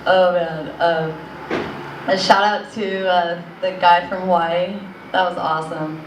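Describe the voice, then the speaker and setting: A woman's voice: fairly low pitch, level tone, a little slow, noisy background. A young woman doing a stand-up set in a comedy club, rambling with lots of fillers. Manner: rambling, filler-heavy delivery. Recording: echoey club audio from a distance.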